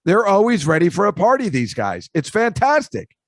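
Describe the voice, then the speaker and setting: A man's voice: high-pitched, huge pitch swings, moderate pace, no echo. A man hosting a podcast, telling rambling, jokey stories in a casual chat. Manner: rambling, chatty, jokey asides. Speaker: podcast host. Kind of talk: casual storytelling monologue.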